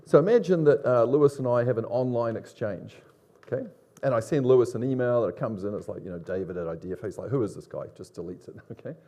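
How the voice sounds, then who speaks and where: A middle-aged man with a Long Island accent speaks at a conference. His tone is mellow and relaxed. He presents in a lively, conversational way and keeps putting questions to the audience. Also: medium pitch. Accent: Long Island New York. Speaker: conference speaker, business academic.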